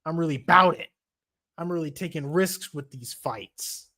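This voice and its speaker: Brief: male streamer, casual, profane, excitable. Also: a little high, unhurried. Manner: profane, excitable, reads chat aloud. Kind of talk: casual livestream chat.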